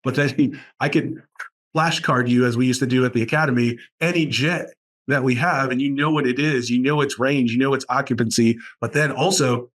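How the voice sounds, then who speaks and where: Man, from Boston, podcast guest, enthusiastic, animated storyteller, mid-pitched voice. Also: moderate pace. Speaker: aviation program director at a college. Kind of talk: podcast interview conversation.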